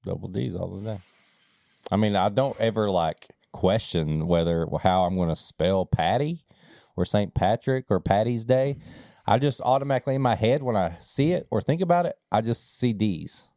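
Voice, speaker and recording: A man's voice: lowish voice, animated, moderate pace, gravelly, mellow, no echo, studio quality. A man co-hosting a podcast, chatting casually and joking around with crude humor. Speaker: podcast co-host. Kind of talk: casual chat.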